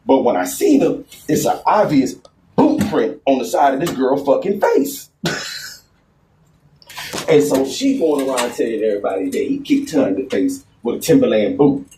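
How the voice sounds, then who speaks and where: Brief: Texan man, mellow relaxed voice, casual profane storytelling, recorded from a distance with a roomy sound. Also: medium pitch, normal speed, slight background noise. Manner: laid-back, profane, rambling storytelling. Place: outdoors in a garden.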